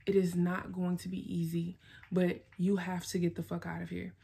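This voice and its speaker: A woman's voice: on the low side, monotone, moderate pace, creaky, dark tone, breathy edge. A woman vlogger giving herself a blunt, emphatic pep talk, swearing and repeating herself for emphasis. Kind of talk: self-directed pep talk.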